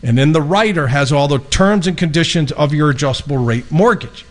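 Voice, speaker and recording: A man hosting a radio show, casually telling a lively story and acting out both sides of the conversation. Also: on the high side, fairly quick. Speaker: radio show host and mortgage lender.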